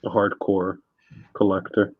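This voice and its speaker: A man's voice: sits low, flat delivery, unhurried, dry recording, narrow, tinny audio. A man hosting a live stream, easygoing and chatty, reading out viewer comments. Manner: easygoing, reads chat comments aloud. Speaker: stream host. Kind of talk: casual chat on a live stream.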